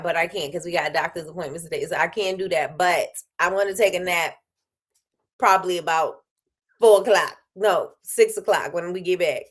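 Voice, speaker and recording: A tired woman hosting a daily live show, chatting casually and animatedly, with sudden high exclamations. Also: normal speed. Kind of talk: casual livestream chat.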